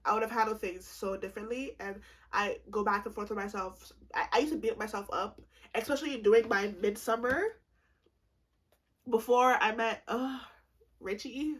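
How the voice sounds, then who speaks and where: A woman in her twenties telling a comedic storytime vlog, animated and profane, acting out both sides of the conversation. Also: fairly high pitch, normal speed, husky. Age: 20s. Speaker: vlogger.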